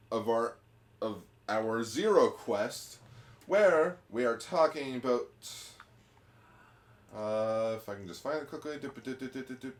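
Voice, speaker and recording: Regular-pitched guy hosting an online podcast, rambly and goofy. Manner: playful, rambling, hums while searching notes. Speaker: host. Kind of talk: casual podcast chat over the internet.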